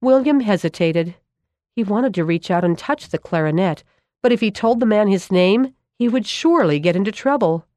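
A woman reading a storybook aloud, calm and measured narration. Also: mid-range voice, no room sound, studio quality.

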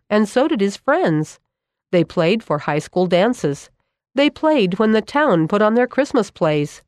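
A woman reading a storybook aloud, calm and measured narration. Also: fairly low pitch, dry recording, studio quality.

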